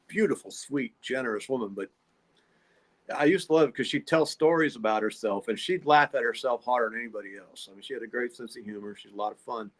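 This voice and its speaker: A man's voice: medium pitch, quick pace. A man telling a long, rambling story in a casual podcast monologue. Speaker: podcast host.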